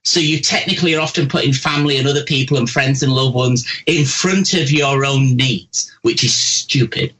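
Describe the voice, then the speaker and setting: Blunt chatty man, bright voice. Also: mid-range voice, normal speed, hardly any pauses, poor audio. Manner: blunt, chatty, animated, says "bugger off", "bloody", "love", "posh". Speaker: psychic giving caller readings. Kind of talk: live call-in radio chat.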